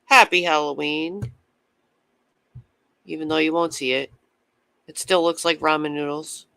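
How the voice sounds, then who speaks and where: A man's voice: fairly high pitch, fairly even intonation, unhurried, gravelly, bright, forceful tone, clean tone, no room sound. A man chatting casually with viewers on his livestream, rambling from topic to topic and swearing freely.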